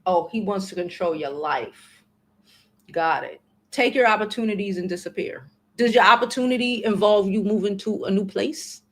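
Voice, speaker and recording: A woman in her forties, hosting a livestream and giving blunt, slangy, profane advice in casual chat to her viewers. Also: mid-range voice. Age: 40s. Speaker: livestream host.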